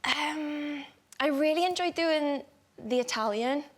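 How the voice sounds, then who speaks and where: A woman's voice: sits high, slow pace. A female actress, a guest on a talk show, chatting casually.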